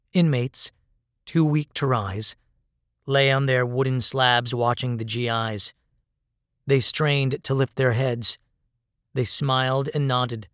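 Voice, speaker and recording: A man reads a dramatic story in a measured, grave voice. His pitch is in the middle range. The recording is dry and close, with no room echo. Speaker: narrator.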